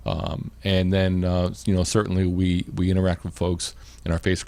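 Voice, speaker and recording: Man, host, casual live-show chat, gravelly, dry sound. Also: deep voice, completely flat delivery, moderate pace, a little mellow, no echo. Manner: rambling, repeats words, many "you know"s.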